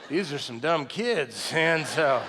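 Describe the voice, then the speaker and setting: A middle-aged man preaching a sermon with conversational storytelling, swinging from loud excited retelling to soft low tones. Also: slow pace, a little hiss or hum. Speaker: pastor. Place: church sanctuary. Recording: long reverb of a large hall.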